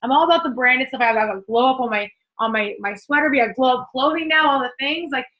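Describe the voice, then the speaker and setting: A young adult woman fitness coach giving an energetic, chatty motivational talk on a group call, swearing casually. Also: high voice, fast, dull audio.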